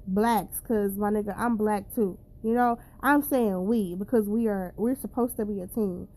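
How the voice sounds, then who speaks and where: A woman's voice: mid-range voice, darkish tone. A woman talking casually and bluntly to her viewers, swearing freely and preaching hard about how people should treat their children. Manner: blunt, profane and preachy, addressing viewers directly. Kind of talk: casual straight-to-camera rant.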